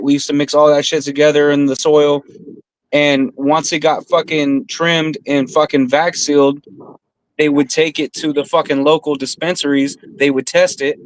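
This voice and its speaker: A podcast co-host tells rambling stories in casual conversation, cursing heavily and calling everyone bro. His voice is on the high side with a level tone and normal speed; the audio is poor, though there's no room sound.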